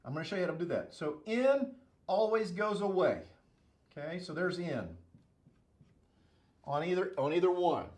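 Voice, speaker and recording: Lively, jokey male engineering instructor. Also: sits high, normal speed, pauses often. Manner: playful, jokey, checks in with constant "okay?" and "right?". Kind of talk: classroom-style lecture at a whiteboard.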